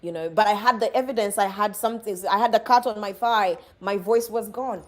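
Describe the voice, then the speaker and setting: A woman from Uganda earnestly telling a personal story in a conversation, halting and restarting often. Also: medium pitch, darkish tone.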